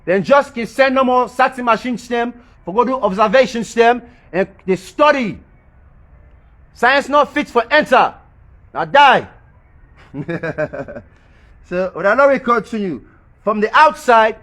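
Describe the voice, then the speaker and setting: A man with a high, light voice gives a loose, rambling monologue in creole-tinged English. He circles back and repeats key phrases for emphasis, and now and then lets out a soft chuckle to himself. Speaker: social media commentator. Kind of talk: rambling spoken monologue about planets and religion.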